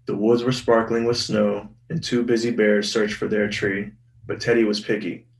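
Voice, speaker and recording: Low-voiced man reading a children's storybook. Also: normal speed, creaky, distant mic. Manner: expressive, voices the characters' lines. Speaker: guest reader. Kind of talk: storybook read-aloud. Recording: roomy sound from off-mic, soft music behind.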